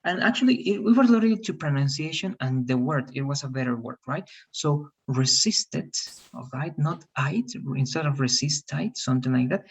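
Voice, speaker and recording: Husky teacher giving patient feedback. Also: mid-range voice, brisk, hardly any pauses, darkish tone. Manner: encouraging, correcting pronunciation patiently. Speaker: English teacher. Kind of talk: online class feedback.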